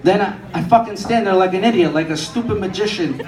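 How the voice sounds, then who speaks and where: A young man with a high voice is doing profane stand-up on a comedy club stage, talking a little fast over a noisy, laughing audience. He tells crude stories and acts out the people he quotes, and the echoey room is picked up by a distant mic.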